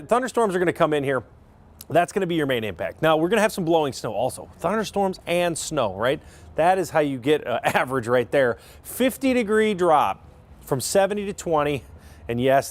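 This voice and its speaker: Tv weather guy, kinda high voice, bouncy, talks in loose tangents. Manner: chatty, rambling asides with self-corrections. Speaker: meteorologist. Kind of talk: TV weather forecast.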